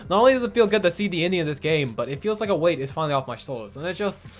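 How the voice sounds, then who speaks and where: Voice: medium pitch, lively intonation, very fast, faint music behind. A young adult gaming video creator giving emotional let's play commentary, swearing a lot.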